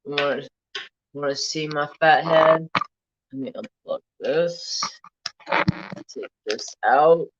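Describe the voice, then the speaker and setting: A man's voice: on the high side, slow, pauses often, highs cut off, background noise. An American man chatting casually and playfully about his pets and talking to them, as a craft channel host.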